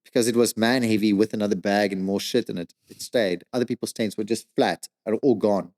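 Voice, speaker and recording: A man telling a story as a podcast guest, animated and swearing, with lots of "like" and "dude.". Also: lowish voice, brisk. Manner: animated, swears a lot, says "like" and "dude" often. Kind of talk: casual storytelling.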